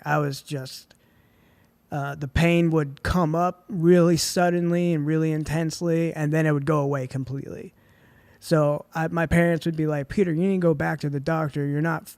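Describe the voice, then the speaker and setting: A man's voice: fairly high pitch, a little mellow, no echo. Laid-back young man telling a story. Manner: laid-back, heavy on "like" and "dude". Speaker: podcast guest. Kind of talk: casual storytelling.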